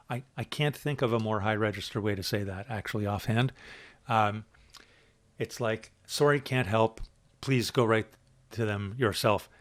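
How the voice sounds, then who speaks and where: A man lecturing a university writing class in a casual, chatty way, full of fillers and asides, shifting loudness and pitch for emphasis.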